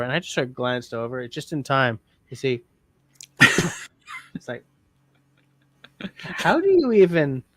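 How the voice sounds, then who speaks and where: A man's voice: a little high, a bit bright, dry recording. A man co-hosting a casual livestream, telling rambling anecdotes. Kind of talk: casual chat.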